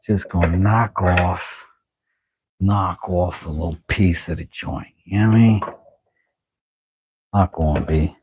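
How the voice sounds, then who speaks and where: A man's voice: sits low, steady tone, a little slow, pauses often, darkish tone, husky. A man making a knife in his workshop, chatting playfully to the camera through a face mask. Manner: playful, mumbling self-talk while working. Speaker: knife maker, channel host. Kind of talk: casual workshop vlog commentary. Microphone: talking through a face mask. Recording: dull lo-fi audio.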